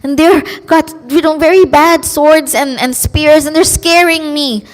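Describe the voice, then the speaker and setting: A woman's voice: sits high, measured pace, voice pushed up. A woman voicing a frightened dying young man. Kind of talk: acted quote within a sermon. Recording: long hall reverb.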